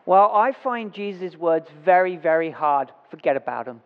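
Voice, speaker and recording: A man's voice: high voice, expressive, moderate pace, smooth. A man preaching a sermon in a church, talking in a conversational way, correcting himself and reading scripture aloud. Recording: dull reverberant church recording.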